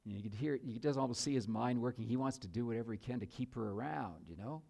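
A man preaching a sermon, telling a story in an animated way with joking asides to his listeners. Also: medium pitch, quick pace, creaky, husky.

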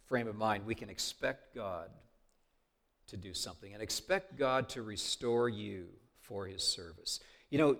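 A man preaching a sermon as pastor, earnest and conversational, swinging between raised emphasis and hushed softness. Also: medium pitch.

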